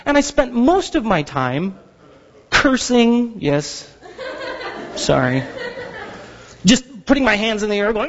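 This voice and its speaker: A man in his thirties preaching a sermon as pastor, telling stories with animated, playful outbursts. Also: extremely high pitch, fairly quick. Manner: animated storytelling, acts out frustration with loud outbursts. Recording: dull sound with long hall reverb.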